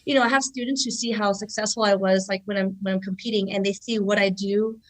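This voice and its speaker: A woman in her thirties, a jiu-jitsu instructor, telling stories in an animated way and filling her speech with "like.". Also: mid-range voice, fast talker. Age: 30s. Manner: animated storyteller, many fillers like "like". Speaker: guest, jiu-jitsu black belt and instructor. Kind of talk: casual podcast conversation.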